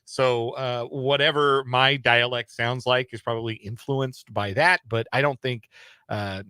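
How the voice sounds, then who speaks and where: A man's voice: mid-range voice, steady tone, unhurried, sharp tone, smooth, no room sound. Easygoing, chuckling sports radio man. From Colorado. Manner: easygoing, laughs often, many fillers. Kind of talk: casual sports radio banter. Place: radio studio.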